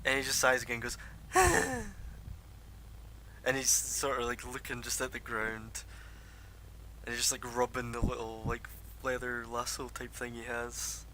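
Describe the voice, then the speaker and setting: A man's voice: mid-range voice, completely flat delivery, normal speed, pushed and bright, low-quality recording. Dm guy describing stuff, lots of uhs and likes, mid voice, hissy potato-quality stream audio. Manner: rambling with many fillers. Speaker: dungeon master. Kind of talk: narrating a tabletop game.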